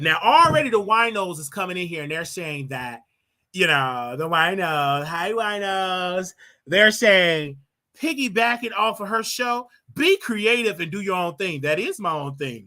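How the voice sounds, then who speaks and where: A man hosting a live call-in show, chatting in an animated, slangy way and laughing often. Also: sits high, moderate pace. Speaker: show host.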